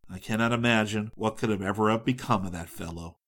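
A man reading a humorous travel story aloud in a measured, dry, wry storytelling manner. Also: fairly low pitch, a bit bright. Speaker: audiobook narrator. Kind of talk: scripted narration.

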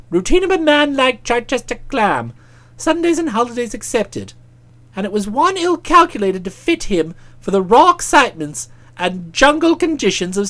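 An audiobook narrator reading a comic novel in a wry, expressive way. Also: high voice.

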